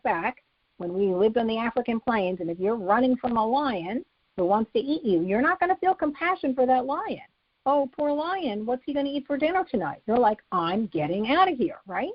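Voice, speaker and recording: A woman's voice: medium pitch, husky, no echo, highs cut off. A woman psychologist explaining a method to parents, laying it out methodically in numbered steps. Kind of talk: instructional talk.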